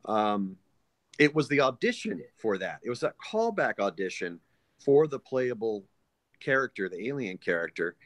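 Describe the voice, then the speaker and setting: A man with a fairly low voice, talking as a guest in a relaxed interview. He tells animated stories and jumps quickly between tones as he talks. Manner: animated, lively anecdotes with quick voice shifts. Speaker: voice actor guest. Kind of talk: casual interview storytelling.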